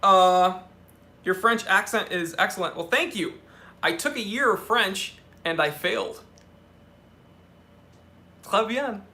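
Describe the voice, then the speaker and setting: Bright, high-voiced joking male streamer. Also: expressive. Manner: joking, quick asides and self-corrections. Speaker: watch channel host. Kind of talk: live stream Q&A, reading viewer questions.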